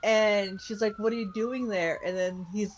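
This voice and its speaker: A woman's voice: medium pitch, steady tone, moderate pace, a little hiss or hum. A young woman co-hosting a podcast, casually retelling an anime episode in a loose, chatty way full of fillers. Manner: chatty, loose storytelling with many fillers and laughs. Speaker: podcast co-host. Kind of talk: casual chat recapping an anime.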